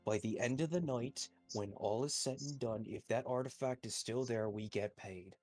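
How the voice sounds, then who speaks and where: Husky, blunt, swearing man. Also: mid-range voice, moderate pace, a little mellow, faint music behind. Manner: blunt, profane, argumentative. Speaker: tabletop game player. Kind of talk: in-character tabletop role-play.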